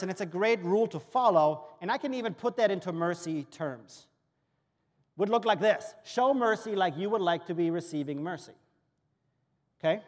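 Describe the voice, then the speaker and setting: High-voiced German man preaching in a hall. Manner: storytelling with acted-out dialogue, earnest. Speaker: pastor. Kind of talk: sermon. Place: church auditorium. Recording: long reverb of a church hall.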